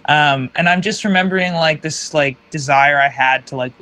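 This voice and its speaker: Man, mid pitch, co-host on a casual stream, reflective and halting; also reads chat aloud. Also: bright, forceful tone, a little hiss or hum, poor audio. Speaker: podcast co-host reading chat.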